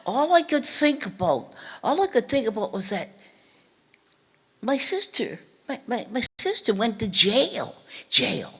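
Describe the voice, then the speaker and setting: An older woman from Nova Scotia giving a talk, telling a family story in a halting, earnest way and often repeating or restarting her words. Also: fairly high pitch, very animated, a bit bright, slightly rough. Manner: earnest, recounts family memories. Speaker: guest speaker.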